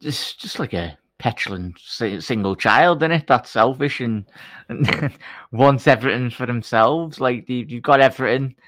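A man's voice: mid-range voice, normal speed, fairly bright tone, no echo. Blunt man dismissing a rival club. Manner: blunt, scornful opinions. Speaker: podcast panelist. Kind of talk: casual football chat.

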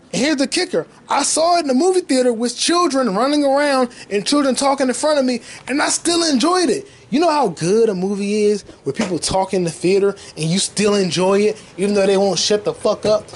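A young man hosting a casual solo podcast, talking in an excited, profane and repetitive way, full of street slang. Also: high voice, poor audio. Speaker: podcast host.

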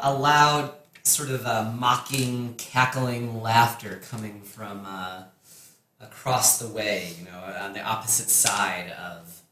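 A man narrating as game master for his players, relaxed and rambling with frequent fillers. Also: medium pitch. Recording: echoey room, faint noise.

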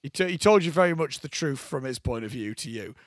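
A man's voice: mid-range voice, expressive, quick pace, dry recording, clean studio sound. A young man, co-hosting a podcast and chatting animatedly with lots of fillers. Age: young adult. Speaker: podcast co-host. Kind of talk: casual chat.

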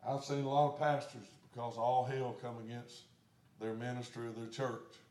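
A man pastor preaching a sermon, swinging from shouted declarations down to hushed storytelling. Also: medium pitch, little pitch movement, normal speed. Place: church sanctuary. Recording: echoey church sanctuary.

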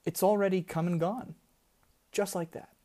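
A man's voice: high voice, steady tone, normal speed, warm tone, pitched above the performer's own voice, natural voice. A man reading a story, voicing a practical, matter-of-fact woman guide in a slightly raised voice. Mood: animated. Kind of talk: audiobook character voice.

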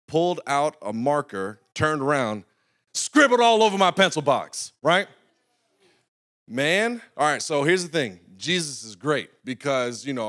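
A young adult man, a North Carolina pastor, tells stories in his sermon, keeping it conversational and frequently checking in with the congregation. His voice is mid-range and a bit bright.

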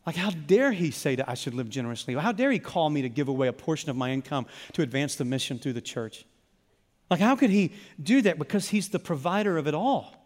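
Animated male preacher in a reverberant hall. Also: fairly high pitch, a little fast. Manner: animated storytelling, calls for congregation responses. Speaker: pastor. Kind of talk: sermon.

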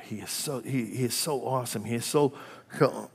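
An older man preaching a sermon, impassioned and repetitive, swinging between hushed whispers and loud, rising exclamations. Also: lowish voice, normal speed, a little hiss or hum.

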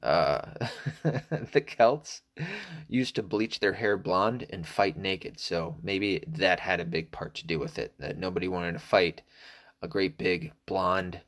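A middle-aged Southern American man rambles on alone in a casual monologue, swearing freely, wandering off topic and packing in fillers. His voice sits low and a touch bright, and he takes his time.

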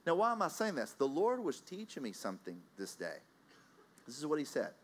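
A man from Texas with a Texan accent preaching a sermon. He tells a story in a lively, conversational way, chuckling often and calling out to the congregation. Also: fairly high pitch, brisk.

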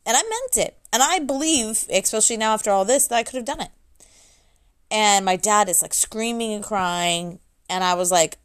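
A woman's voice: mid-range voice, normal speed, clean tone. A woman telling a personal story in a raw, blunt, profane way, often restarting and correcting herself. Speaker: adult daughter sharing her story.

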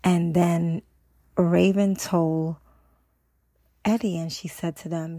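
A woman's voice: on the low side, fairly even intonation, measured pace, creaky, warm tone, no echo. A woman podcast host casually retelling a TV episode, rambling with lots of "and so" and "you know".

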